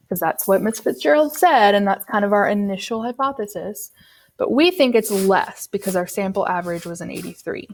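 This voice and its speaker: A woman teaching a recorded statistics lesson, explaining step by step in a patient, conversational way with occasional ums. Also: mid-range voice. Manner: patient, explanatory, uses fillers like um.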